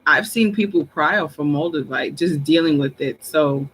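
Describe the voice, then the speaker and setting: A woman's voice: low-pitched, normal speed, a bit bright, breathy edge, rough recording. A woman hosting her channel, chatting casually to viewers in a rambling way, full of "like" and laughs. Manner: rambling, repeats "like", laughs often. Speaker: intuitive reader and channel host.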